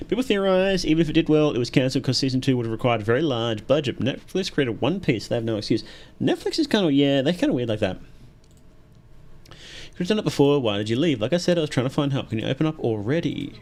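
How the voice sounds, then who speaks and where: A man's voice: medium pitch, expressive, quick pace, darkish tone. An Australian man streaming a horror game live, chatty and reactive, asking questions aloud as he plays. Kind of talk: live gameplay commentary.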